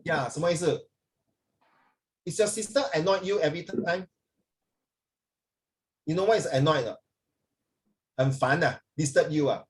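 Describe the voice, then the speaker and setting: A male tutor runs an English class over a video call, cracking jokes and slipping between English and Chinese. His voice sits a little high for a man, and he keeps a playful, chatty teaching manner. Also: normal speed, long pauses.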